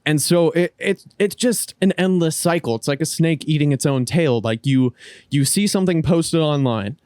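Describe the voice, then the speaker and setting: A man's voice: on the high side, moderate pace, a little mellow, dry recording, studio quality. A man co-hosting a casual podcast, rambling through his point with frequent restarts and casual swearing. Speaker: podcast co-host.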